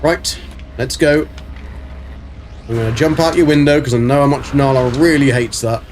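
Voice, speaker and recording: A man's voice: mid-range voice, fairly even intonation, moderate pace, a little mellow, a little hiss or hum. A man chatting casually on a game live stream, rambling with many ums while reading chat aloud.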